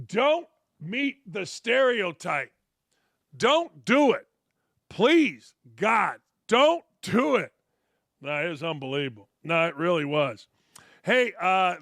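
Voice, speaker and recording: Brash, gravelly-voiced male sports talk host. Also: sits high, bright, forceful tone, dry recording, studio quality. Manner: brash, blunt, profane ranting; mocks others with sarcastic put-on quotes. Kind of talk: opinionated sports talk monologue.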